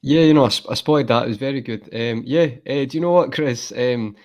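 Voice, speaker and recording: A man's voice: medium pitch, fairly quick, muffled recording. Man chatting about football. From Scotland. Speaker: regular panelist. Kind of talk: casual football chat.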